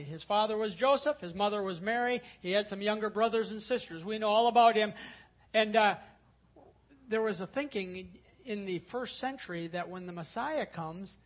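A male pastor teaching a sermon, explaining scripture earnestly and repeating key points for emphasis. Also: high voice. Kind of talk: expository sermon.

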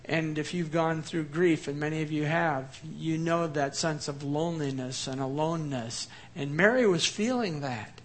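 A man preaching a sermon as pastor, earnest and varying his loudness for emphasis. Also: high-pitched.

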